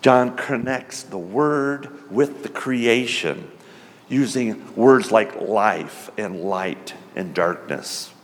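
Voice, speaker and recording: Male preacher, measured sermon delivery with animated pitch, reverberant church sound. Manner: slow, emphatic, lively pitch.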